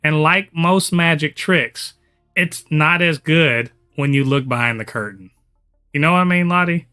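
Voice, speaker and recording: A man's voice: a little high, unhurried, bright, forceful tone, smooth, faint music behind. A man hosting a casual podcast chat, talking enthusiastically and rambling with lots of fillers. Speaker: podcast host.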